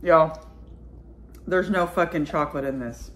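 A woman with a fairly low voice chats to her viewers while she eats, stopping to taste things and cursing freely. She talks in a loose, everyday way, as in a casual mukbang vlog. A faint hiss of noise sits under the recording. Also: a little slow. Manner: chatty, swears freely, talks between bites. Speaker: vlogger.

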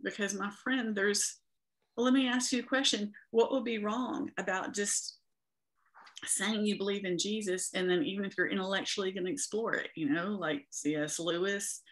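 A woman's voice: medium pitch, steady tone, normal speed, fairly bright tone. A woman guest in an interview, sharing her faith story in an earnest, preaching manner.

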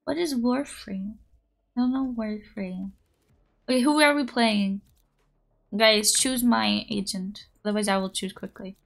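A young woman streaming a game, chatting casually with her viewers; her voice is raspy and hoarse from just waking up, and she giggles often. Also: mid-range voice, a little slow, a bit bright. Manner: bubbly, giggly, playful. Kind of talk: casual live-stream chat.

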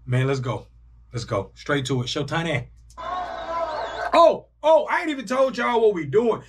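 Animated young man reacting loudly. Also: sits high, a little hiss or hum. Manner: animated, loud bursts, talks to himself. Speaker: reaction video host. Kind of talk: excited casual reaction commentary.

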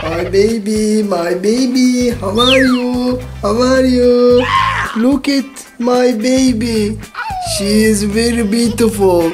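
Slow-talking woman fussing in broken english, roomy echo, loud music behind. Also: a little high, fairly even intonation. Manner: fussy and exclaiming, simple broken English. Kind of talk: simple English kids' play vlog. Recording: echoey room with loud music.

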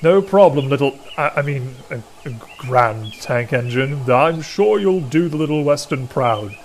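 A man's voice: mid-range voice, expressive, a little slow, a little hiss or hum. A man voicing a pompous big male steam engine who turns stammering and flustered while trying to sound grandly polite.

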